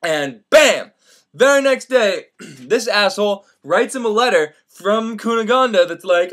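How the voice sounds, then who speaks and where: A man's voice: high voice, animated, unhurried, a bit bright. A man casually retelling a classic novel as comedy, rambling and profane, jumping into silly voices for the characters.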